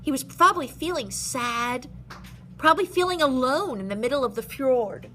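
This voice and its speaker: Bright, high-voiced art teacher woman. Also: normal speed, a little hiss or hum. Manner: animated, expressive, speaks simply to young kids. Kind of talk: step-by-step drawing lesson for children.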